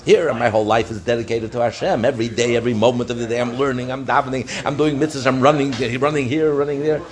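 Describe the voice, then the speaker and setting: A man's voice: medium pitch, fairly even intonation, fast talker, hardly any pauses. A man teaching a daily Talmud lesson, retelling the story with passion and mixing in Hebrew phrases. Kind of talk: daf lesson.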